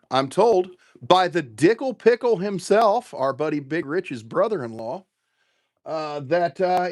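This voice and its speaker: A man hosting a casual livestream, rambling and swearing as he tastes whiskey and answers viewers. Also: medium pitch. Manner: profane, rambling, animated. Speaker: bourbon livestream host. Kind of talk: casual livestream chat, tasting and reading comments.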